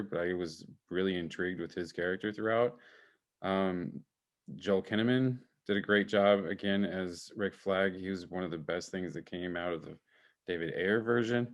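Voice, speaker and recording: A man's voice: low voice, normal speed. A man co-hosting a casual film podcast over a video call, talking enthusiastically with many fillers. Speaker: podcast co-host, film reviewer.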